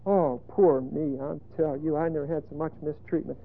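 Man playing a moping young prisoner, slow whiny self-pity, fairly high voice, tinny tape. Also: fairly even intonation, gravelly. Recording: tinny phone-like lo-fi sermon tape.

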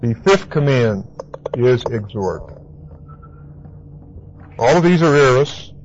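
A male preacher delivers a Bible teaching sermon, slow and animated, hammering on key words, repeating himself, and spelling terms out letter by letter. His pitch is ordinary, mid-range. The audio is dull and lo-fi with a faint hiss beneath.

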